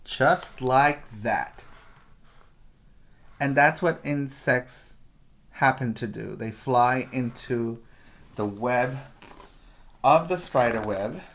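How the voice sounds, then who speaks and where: A man's voice: medium pitch, very slow, long pauses, a bit bright, a little hiss or hum. A male preschool teacher reading a picture book aloud to young children, patiently pointing out the pictures and asking them questions.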